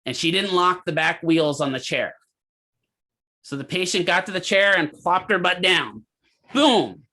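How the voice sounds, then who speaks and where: Bright-voiced man telling a clinical story. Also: high-pitched, normal speed. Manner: animated storyteller, asks the class questions. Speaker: physical therapy instructor.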